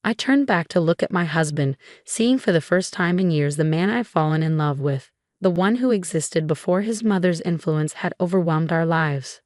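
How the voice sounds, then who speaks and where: Calm woman narrating a story, fairly low voice. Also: moderate pace, hardly any pauses, no room sound, studio quality. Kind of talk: scripted first-person story narration.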